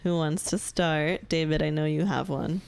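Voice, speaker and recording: A woman's voice: low-pitched, steady tone, normal speed, gravelly, a little mellow, smooth, no echo. A woman co-hosting a casual podcast, steering the talk to the next topic with short dry remarks. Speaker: podcast host. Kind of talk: casual chat, moderating topics.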